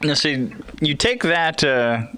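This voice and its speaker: A man's voice: on the high side, expressive, takes it slowly, sharp tone, clean tone. A man hosting a podcast, asking a guest questions in a conversational way with a few fillers. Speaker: podcast host. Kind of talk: casual interview questions.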